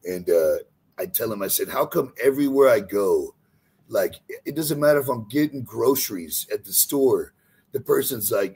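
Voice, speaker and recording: A man with a gravelly, husky voice at an average pitch. He tells relaxed, drawn-out gym stories on a podcast and acts out the lines people said to him. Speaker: podcast guest, bodybuilding YouTuber. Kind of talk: casual storytelling chat.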